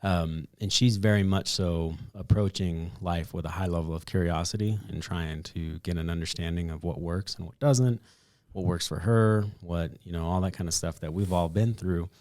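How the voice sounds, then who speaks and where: A man's voice: low-pitched, steady tone, moderate pace, hardly any pauses, a little mellow, no echo, clean studio sound. A man hosting a casual conversation, reflective and affirming, often checking in with "right?". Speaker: host.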